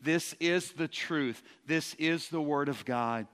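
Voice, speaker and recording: A man preaching a sermon to a congregation, energetic and joking, often stumbling into quick restarts as he talks. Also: fairly high pitch, clear, resonant tone. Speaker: pastor. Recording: long hall reverb.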